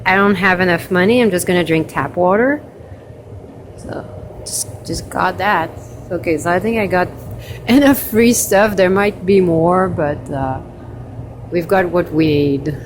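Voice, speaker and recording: A woman's voice: fairly low pitch, slight background noise. A woman vlogging from a hostel in a chatty, rambling way with laughing asides, while she is sick. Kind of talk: casual vlog chat. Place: hostel kitchen and common room.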